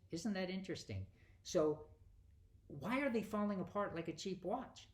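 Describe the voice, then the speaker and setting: A man's voice: high-pitched, expressive, unhurried. A man giving a conversational Bible teaching, asking rhetorical questions and acting out quoted dialogue.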